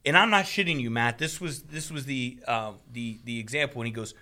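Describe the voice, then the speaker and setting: A man casually retelling a frustrating story, animated and profane, laughing as he goes. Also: medium pitch, fairly quick. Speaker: storyteller on a talk show. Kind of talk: casual chat.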